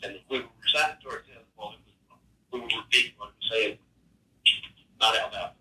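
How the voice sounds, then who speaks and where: A man describes events in his home, stumbling through fillers and half-finished sentences. His voice is tense and sharp yet sits low. He sounds far from the mic, in a roomy, echoing space. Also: steady tone, fairly quick, slight background noise. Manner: hesitant, rambling with many fillers. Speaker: homeowner describing a haunting.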